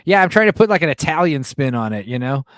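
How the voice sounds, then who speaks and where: Here the American host talks quickly in a somewhat high voice while running his casual livestream, cursing freely and rambling animatedly through answers to chat messages. The recording is dry, with clean studio sound.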